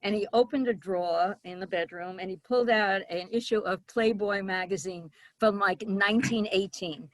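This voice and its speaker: A woman's voice: mid-range voice, moderate pace, hardly any pauses, dry recording. Brash older woman doing stand-up. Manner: brash, deadpan storytelling with exaggerated quoted voices. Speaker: stand-up comic. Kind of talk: stand-up storytelling.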